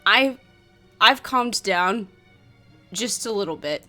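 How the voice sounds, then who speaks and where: A woman plays through a solo tabletop adventure and narrates it, counting dice aloud and bursting into loud frustration. Her voice is bright and crisp, and she speaks at an unhurried pace. Soft music plays faintly behind her. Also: mid-range voice, lively intonation. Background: faint background music.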